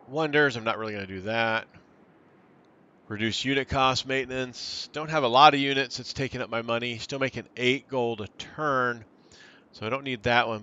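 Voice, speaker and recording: A man's voice: medium pitch, bright, forceful tone. A man casually commenting on a strategy game as he plays, thinking aloud and reading out options from the screen. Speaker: gaming channel host. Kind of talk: casual let's-play commentary.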